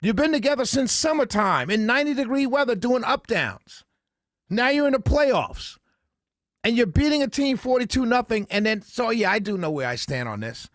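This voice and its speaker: A man with a high-pitched voice hosts a talk radio show from a studio microphone. He sounds emphatic and opinionated, thinking out loud as he goes. The sound is dry and close. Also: big pitch swings, moderate pace, no room sound.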